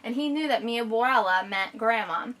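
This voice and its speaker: A woman teacher reads a picture book aloud to a young student, stretching out the vivid lines and breaking off to explain. Her voice sits somewhat high and is picked up from a little way off the mic, in a room. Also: far from the mic, slight background noise. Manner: expressive, slows down to savor descriptive lines.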